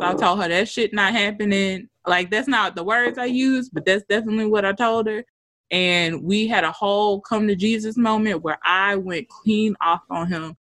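A woman co-hosting a casual chat, telling a work story with animated delivery, swearing and acting out quotes. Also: mid-range voice.

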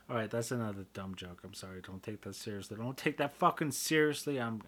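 A man talking casually on his own, joking and swearing a lot, often getting loud and worked up. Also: on the low side, quick pace, few pauses. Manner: profane, joking, self-deprecating, swings loud and excited. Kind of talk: casual rambling monologue.

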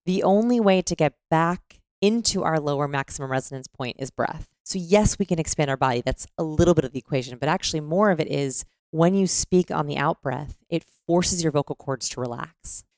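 A woman with a low, gravelly voice explains things conversationally, breaking into voice demonstrations mid-sentence. The sound is close and dry, with no room around her. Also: fairly quick, hardly any pauses, darkish tone, no echo.

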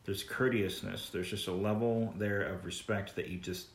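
A man's voice: lowish voice, steady tone, normal speed. A young man from California chatting casually as a podcast host, rambling and restarting his sentences. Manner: rambling, repeats words, restarts often. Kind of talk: casual chat. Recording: echoey room.

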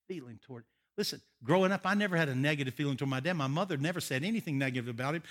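An older male pastor preaching, telling personal stories with animated, emotional delivery. His voice is bright and forceful and sits somewhat high for a man. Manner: animated, emotional storytelling with frequent laughs. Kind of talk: sermon with personal storytelling.

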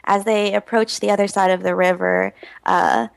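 Gravelly-voiced earnest woman guest. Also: medium pitch, fairly even intonation, moderate pace. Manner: earnest, reflective storyteller, many ums. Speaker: guest, health researcher. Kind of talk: podcast interview.

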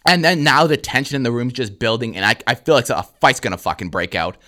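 A young Canadian man co-hosting a podcast, telling a comedy-show story in a casual, animated way, swearing and acting out the crowd. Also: mid-range voice, fast talker. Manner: animated, swears a lot, acts out crowd voices.

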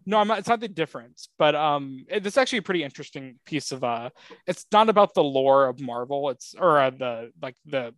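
A man co-hosting a pop-culture podcast in loose, rambling chat. His voice sits a little high and is recorded dry, with no room sound. He pads his thoughts with ums and uhs and gets excited about his fandom. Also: a little fast, dry recording. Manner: rambling, with frequent filler words; excitable fan enthusiasm. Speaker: podcast co-host.

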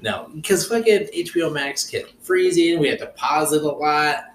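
A man's voice: fairly high pitch, normal speed. A man co-hosting a casual podcast chat, rambling loosely and swearing freely as he recaps the story. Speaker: podcast co-host. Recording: roomy echo with faint noise.

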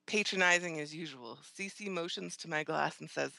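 A woman's voice: deep voice, normal speed, vocal fry, few pauses, bright, forceful tone, dry recording. A woman narrating a first-person audiobook in an acerbic, scornful, theatrical manner.

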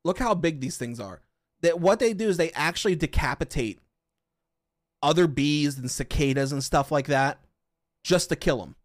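A man from Western Pennsylvania hosting a podcast, chatting casually with his viewers in loud, profane, excitable rants. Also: a little high, normal speed, dry recording, studio quality. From Western Pennsylvania, USA. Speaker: podcast host. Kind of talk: casual chat with live chat.

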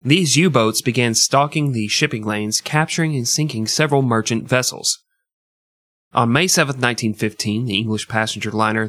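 A man's voice: mid-range voice, a bit bright, dry recording, studio quality. A man hosting a casual, comedic history podcast who jokes crudely and laughs often. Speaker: podcast host.

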